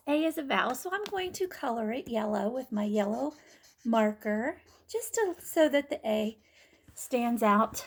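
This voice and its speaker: A woman with a high voice gives a kindergarten phonics lesson. She talks slowly and patiently, sounding out each letter and syllable so young children can follow along. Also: gravelly. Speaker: kindergarten teacher.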